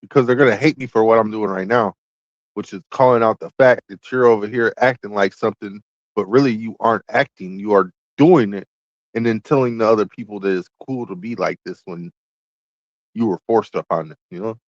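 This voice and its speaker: A man's voice: fairly low pitch, brisk, dry recording, highs cut off. A man giving reaction commentary, calling out a streamer.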